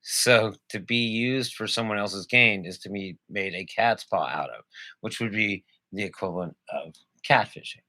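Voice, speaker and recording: A man's voice: fairly low pitch, moderate pace, sharp tone, dry recording. A man co-hosting a comedy podcast, rambling through jokes and laughing at his own bits. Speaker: podcast co-host. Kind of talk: joking casual chat.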